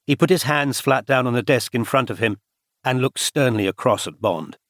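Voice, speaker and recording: A man narrating a spy novel audiobook in a measured, even storytelling manner. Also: mid-range voice, no room sound. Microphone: close studio mic. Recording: dry close studio recording.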